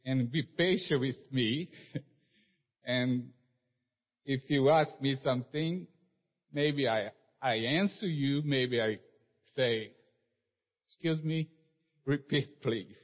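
A man from Brazil whose first language is Portuguese, speaking at church in halting, simple English with a Brazilian accent. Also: medium pitch. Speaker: preaching school president, guest speaker. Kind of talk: church talk. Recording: echoey church hall, dull lo-fi sound.

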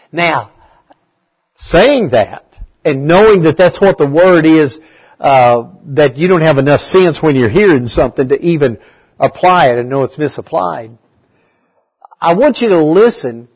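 A man's voice: fairly high pitch, animated, a little slow, breathy edge, muffled recording. A man preaching a conversational bible study, asking his listeners questions and repeating key words.

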